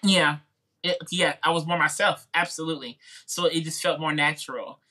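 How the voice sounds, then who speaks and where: A man's voice: a little high, steady tone, normal speed, sharp tone. A man with a Midwestern twang, a music YouTuber chatting informally as a podcast guest and telling his story with lots of "like" and "you know". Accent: Midwestern American. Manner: chatty, informal, acts out quoted voices. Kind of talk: casual interview storytelling.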